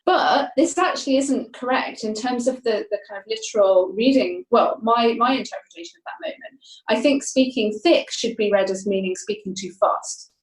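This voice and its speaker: A woman's voice: fairly high pitch, moderate pace. A woman guest, an academic, explaining her research in a thoughtful interview, often restarting her phrases. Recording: roomy, echoey sound.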